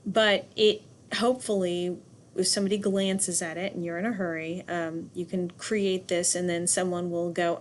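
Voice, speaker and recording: A woman's voice: fairly low pitch, level tone, normal speed, slight background noise. Emphatic woman lecturing a class. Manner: direct, emphatic, with asides and light laughs. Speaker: instructor.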